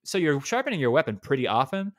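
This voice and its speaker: A man co-hosting a casual gaming podcast, talking in animated rants full of restarts. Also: on the high side, fast talker, no room sound, studio quality. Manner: animated, ranting, lots of restarts. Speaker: podcast co-host.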